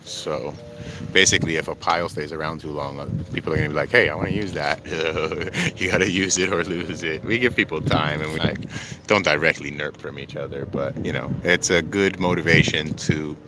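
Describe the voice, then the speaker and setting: A man with an extremely low voice talks loosely to his viewers, full of "like" and "um." He is outdoors, and steady background noise comes through the recording. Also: normal speed. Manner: rambling, filler-heavy talk. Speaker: vlogger livestreaming from a desert camp. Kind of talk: casual livestream chat. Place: outdoors at a desert skate park camp.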